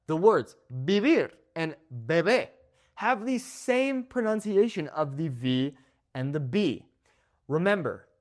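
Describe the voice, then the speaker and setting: A young man teaching Spanish pronunciation, explaining and modeling words, checking in with frequent "okay?" prompts. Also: on the high side. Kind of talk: pronunciation lesson.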